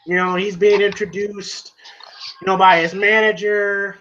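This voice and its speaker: A man with a notably high voice gives a loose, casual movie recap, leaning on "you know" and "like" as he goes. The audio is dull and lo-fi, like a cheap home setup. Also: little pitch movement, measured pace, a bit bright, a little hiss or hum. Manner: rambling, full of "you know" and "like" fillers. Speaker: movie reviewer.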